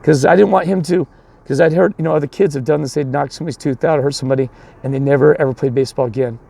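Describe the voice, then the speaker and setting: A man with a mellow, fry-heavy voice tells a rambling story about coaching, stumbling over restarts and acting out the people in it. He then shifts into preaching. His tone stays low and gravelly throughout. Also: fairly even intonation, racing. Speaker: youth baseball coach.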